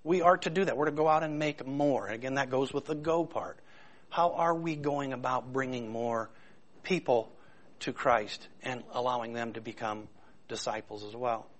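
A pastor with a mid-range voice preaches at a moderate pace in a conversational, informal way. His searching style is full of rhetorical questions.

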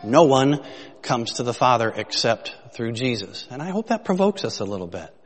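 A pastor preaches to his congregation in an easy, conversational way, pressing his points with rising emphasis. His voice sits at an ordinary middle pitch for a man. Long reverb from the hall trails each phrase. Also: animated, normal speed, breathy edge. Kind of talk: sermon.

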